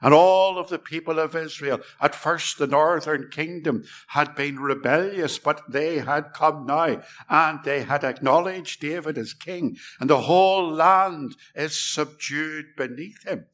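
A man preaching a sermon in a measured, emphatic way, sometimes dropping to a near-whisper for stress. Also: a little high, a bit bright.

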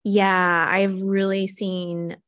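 A middle-aged woman, an actor and cartoonist, talking casually as an interview guest and telling animated stories. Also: mid-range voice, extremely slow. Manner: animated storytelling with quoted asides.

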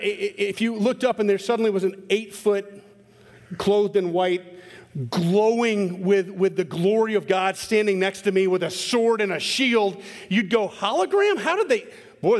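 A man preaching a sermon as pastor, animated and self-interrupting, jumping into sudden high bursts when acting out quotes. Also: big-room sound.

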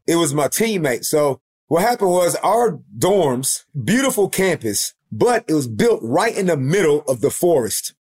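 A man, a basketball coach and former pro player, telling lively stories as a podcast guest and acting out the people in them. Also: on the high side, breathy edge. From United States. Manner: animated storyteller who acts out the other people in his stories. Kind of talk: lively anecdotal storytelling.

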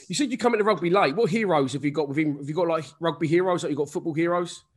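A man's voice: on the high side, quick pace, a bit bright. A man hosting a casual interview, blunt and swearing freely. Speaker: host, YouTuber.

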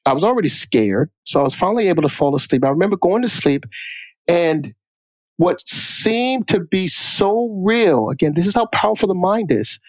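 A man's voice: sits high, expressive, normal speed, no echo. Emphatic man telling a story. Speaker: podcast co-host. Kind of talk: casual chat.

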